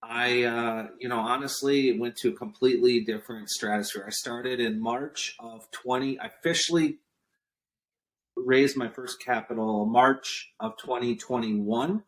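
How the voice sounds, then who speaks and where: Animated man telling a story. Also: medium pitch, measured pace. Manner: animated storyteller acting out quotes. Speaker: guest entrepreneur. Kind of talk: storytelling interview chat.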